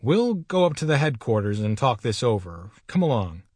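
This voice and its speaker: A man voicing a kindly, amused colonel who speaks slowly with a drawl. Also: medium pitch, big pitch swings, darkish tone, breathy edge, no room sound. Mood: firm.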